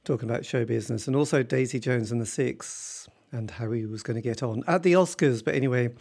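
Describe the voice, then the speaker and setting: A man's voice: mid-range voice, a little fast, gravelly, darkish tone. A man hosting an interview podcast, asking short questions and speaking to the listeners. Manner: brief interjections, addresses listeners. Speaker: podcast host.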